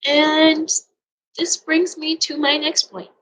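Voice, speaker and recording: A woman yoga teacher giving an earnest, emotional motivational talk, sometimes dropping into soft near-whispers. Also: high-pitched, flat delivery, slow, rough recording. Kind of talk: personal motivational monologue.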